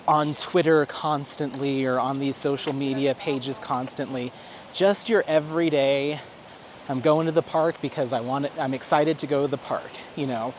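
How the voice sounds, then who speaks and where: A man talks while out on a stroll, his voice sitting a bit higher than most men's. His storytelling rambles and chats along, and he slips into quoted lines as he goes. Faint outdoor traffic murmurs behind him. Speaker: vlogger. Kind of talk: casual vlog on a stroll. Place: outdoors, walking.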